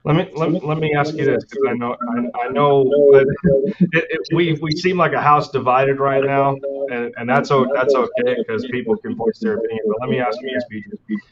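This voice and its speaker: A man's voice: medium pitch, fairly even intonation, moderate pace, muffled recording, a loud crowd. A man in a casual sports debate who poses questions and builds his argument step by step.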